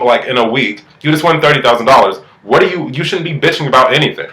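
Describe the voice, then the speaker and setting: A man rattles through a reality TV recap in a bright, forceful voice, sassy and full of swearing. His voice bounces around an echoey room. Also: medium pitch, fast talker. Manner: profane, animated, sassy. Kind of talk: casual recap commentary.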